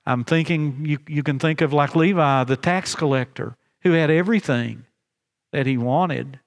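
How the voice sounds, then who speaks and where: A man delivers a sermon in a fairly high voice, earnest and halting, often restarting his phrases and slowing down to stress key lines. The sound carries the long reverb of a chapel. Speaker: pastor.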